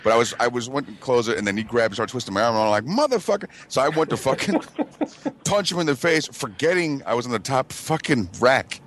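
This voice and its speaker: A man's voice: medium pitch, quick pace, hardly any pauses, noisy background. A man casually telling a profane, rambling story and laughing as he goes. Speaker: regular on a men's chat show, Navy veteran.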